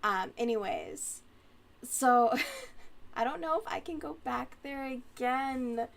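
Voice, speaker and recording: Chatty, bubbly woman streamer, high voice. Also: lively intonation, slow, creaky. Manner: chatty and rambling, reads chat aloud, giggles often. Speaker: crochet livestream host. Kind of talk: casual livestream chat.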